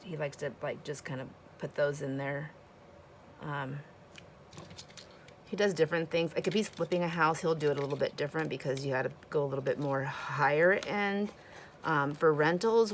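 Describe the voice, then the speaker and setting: A woman's voice: deep voice, a little hiss or hum. A middle-aged woman hosting a casual crafting video, chatting and rambling with plenty of fillers as she works. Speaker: craft channel host. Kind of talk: casual crafting tutorial chat.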